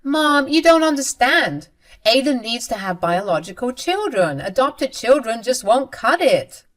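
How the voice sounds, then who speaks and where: A woman's voice: on the high side, very animated, a little slow, a bit bright, pitched above the performer's own voice. A woman voicing a spiteful, smug young sister-in-law in a dramatized story. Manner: smug, dismissive.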